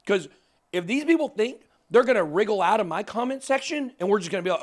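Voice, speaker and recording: A man hosting a crypto talk show, emphatic and excitable, ranting into the camera. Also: high-pitched, fast talker. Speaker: crypto channel host. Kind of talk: fired-up casual talk on camera.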